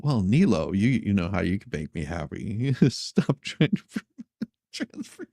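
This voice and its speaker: Giggly man with very lively pitch. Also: a little slow, no room sound, studio quality. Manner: laughs often, giggly and teasing. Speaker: host. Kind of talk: casual news commentary.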